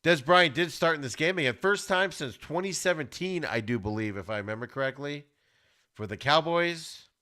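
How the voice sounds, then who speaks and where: Animated man ranting about football. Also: fairly high pitch, moderate pace. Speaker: podcast host. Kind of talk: football recap commentary.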